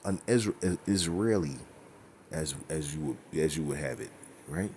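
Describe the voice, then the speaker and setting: Man with a real deep low voice going through bible verses, blunt, cussing, keeps saying okay? right?, bit of faint hiss behind. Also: measured pace, warm tone. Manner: emphatic, with frequent rhetorical "okay?" and "right?"; blunt and profane. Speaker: religious teacher. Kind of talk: informal scripture teaching.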